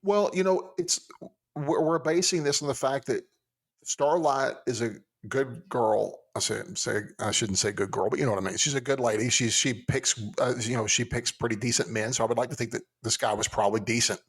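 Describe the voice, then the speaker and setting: A man's voice: medium pitch, a little fast, fairly bright tone. A man co-hosting a podcast, chatting casually with rambling restarts. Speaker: podcast co-host.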